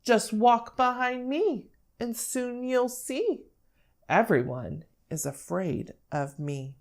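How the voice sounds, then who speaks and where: A woman voicing a small, clever male mouse who boasts, reading a picture book aloud in a bright, animated way. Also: fairly high pitch, slow, voice pushed up. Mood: boastful. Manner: bright animated storybook delivery.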